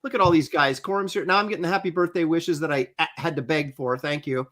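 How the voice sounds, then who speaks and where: A middle-aged man hosting a casual group chat, reeling off viewer shout-outs. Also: fairly high pitch, quick pace. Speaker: podcast host.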